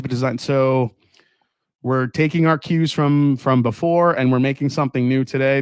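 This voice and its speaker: Male whiskey reviewer, sarcastic, swears freely, dry close voice, mid pitch. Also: measured pace, smooth, no echo. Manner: profane, sarcastic, animated. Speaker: whiskey reviewer and show host. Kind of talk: casual whiskey review chat.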